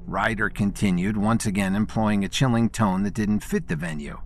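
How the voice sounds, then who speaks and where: A man narrating a story in scripted, expressive storytelling. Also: on the low side, a little fast, few pauses, faint music behind.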